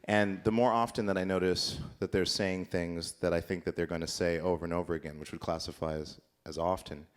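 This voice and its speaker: A man's voice: deep voice, fairly even intonation, brisk. A man performing an improvised comedic monologue on a conference stage, rambling in a mock-earnest, absurdist way.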